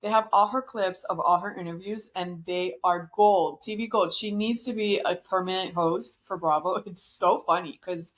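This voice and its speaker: Lady podcast host gossiping about reality tv, kinda low voice, laughs a lot. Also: normal speed, few pauses. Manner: chatty, gossipy, laughs often. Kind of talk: casual chat about reality TV.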